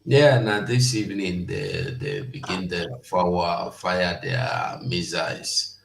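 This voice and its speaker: A man with a Nigerian accent hosting a casual livestream and mixing Pidgin with English in a measured way. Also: sits low, sing-song, vocal fry, slight background noise. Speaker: host. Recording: roomy echo.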